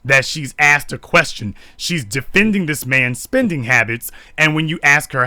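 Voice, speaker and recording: A man with a slightly high, animated voice speaks unhurriedly with hardly any pauses, his tone sharp and the recording dry. As an online commentator live-streaming social commentary, he's indignant and preachy, driving points home with repeated rhetorical questions.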